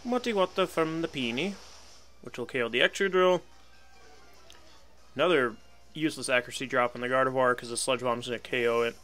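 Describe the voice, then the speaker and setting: Bright-voiced young man commenting on gameplay. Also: mid-range voice, fairly quick, pauses often, faint music behind. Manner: casual, wry and resigned, laughs at himself. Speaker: gaming channel host.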